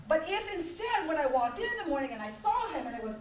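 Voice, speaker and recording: A middle-aged woman delivers a motivational keynote with a high voice that swoops up and down. She plays out small scenes with laughter. She is heard from a distance in an echoey hall. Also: fast talker, hardly any pauses, a crowd in the background. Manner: animated and humorous, acting out little scenes with laughter. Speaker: keynote speaker. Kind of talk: motivational conference talk. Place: large conference hall.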